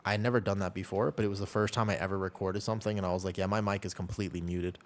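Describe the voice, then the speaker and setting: A man's voice: low-pitched, racing. A man streaming from home, chatting casually and rambling with his viewers. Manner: rambling, relaxed, chats with viewers. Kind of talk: casual chat with chat while gaming. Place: at home with a cat.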